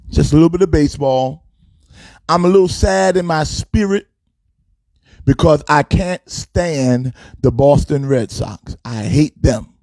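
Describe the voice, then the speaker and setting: A man's voice: high voice, no echo. A man hosting a casual sports talk show, fired up and preachy, with a sing-song delivery.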